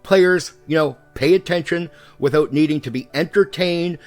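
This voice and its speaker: A man hosting his own channel, giving a heated, profane rant to the camera as a longtime game master, moving between raised and calm speech to push his point. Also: fairly high pitch, normal speed, soft background music. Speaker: YouTube host and game master. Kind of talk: ranting commentary to the camera.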